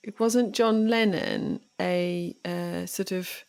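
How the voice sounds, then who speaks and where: Slow-talking playful woman podcaster. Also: fairly low pitch, fairly even intonation, creaky, darkish tone, smooth. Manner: playful, laughs between remarks. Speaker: podcast co-host. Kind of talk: casual chat.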